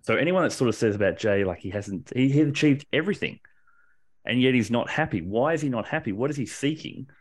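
A man co-hosting a podcast, talking in an excited, rambling way, restarting sentences and swearing casually. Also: mid-range voice, brisk. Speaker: podcast co-host. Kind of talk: casual wrestling discussion.

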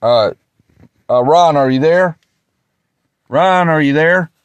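A man hosting a call-in show, talking in a hesitant, halting way. His voice is fairly high for a man and sits in a dry, close-sounding space. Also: smooth, no echo. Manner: halting, filler-heavy questions. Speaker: show host. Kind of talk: casual call-in chat.

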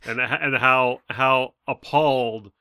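A man co-hosting a casual film podcast, animated and quick to laugh. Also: mid-range voice, clean tone, no echo, clean studio sound.

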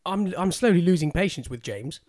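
Young guy playing a game with a mate, high lively voice, jokey and fed up. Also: brisk, over music. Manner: exasperated, joking. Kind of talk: casual chat.

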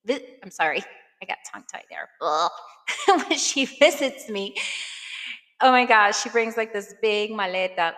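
A woman in her thirties hosting a podcast, chatting casually with lots of fillers and a warm, emotional manner. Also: fairly low pitch, big-room sound. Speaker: podcast host. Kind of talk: casual personal chat.

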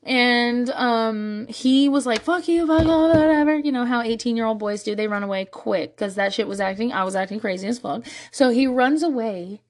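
A woman's voice: fairly high pitch, fairly even intonation, moderate pace, few pauses. Profane, laughing young woman storyteller. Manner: candid, profane, self-mocking, laughs often. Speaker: podcast host. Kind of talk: casual storytelling monologue.

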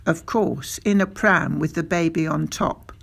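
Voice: medium pitch, measured pace, creaky, fairly bright tone, husky, exaggerated voice. A reader voicing a sly, proud father who runs a country filling station, speaking in a confiding way.

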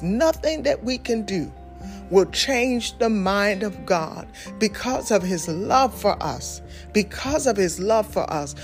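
A woman preacher speaks in an unhurried, deliberate way, leaning on each repeated phrase with fervent emphasis. Her voice sits at an ordinary pitch for a woman. Soft music plays faintly behind her. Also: expressive. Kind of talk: sermon with sung worship opening.

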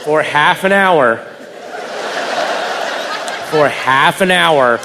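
Man, stand-up storyteller, high voice, live hall echo, crowd laughing behind. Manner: animated, acts out voices, shouts punchlines. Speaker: stand-up comedian. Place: comedy venue before a live audience. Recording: live room with long reverb and crowd. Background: audience laughter and crowd noise.

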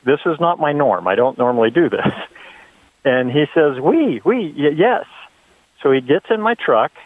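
A man's voice: mid-range voice, very animated, moderate pace. A middle-aged man calling in to a talk show, telling a story earnestly with many ums and uhs. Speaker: caller. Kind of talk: phone-in story. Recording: tinny phone line.

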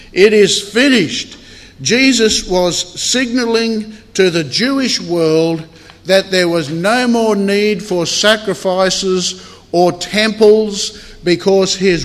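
A man preaching a sermon in a church hall, earnest and measured, with deliberate pauses. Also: sits high, a bit bright. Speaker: pastor. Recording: long hall reverb.

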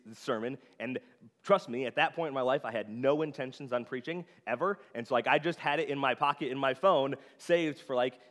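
A man's voice: mid-range voice, fairly bright tone. A young man giving a casual, conversational sermon, full of filler words, in a church sanctuary. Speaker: preacher. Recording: long hall reverb.

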